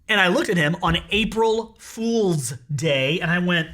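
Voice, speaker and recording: A man in his forties with a bright, forceful voice, telling a personal story in a casual, meandering way. He doubles back often, with plenty of fillers and quick restarts. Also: fairly high pitch. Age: 40s. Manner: candid and rambling, with many fillers and restarts. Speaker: worship pastor and podcast host.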